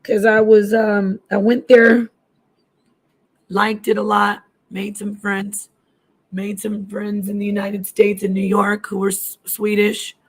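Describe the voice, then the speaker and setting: A woman's voice: medium pitch, monotone, slow pace. A middle-aged woman hosting a casual live stream, chatting to viewers and switching between languages as she goes. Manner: chatty, hops between languages while answering chat. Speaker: livestream host.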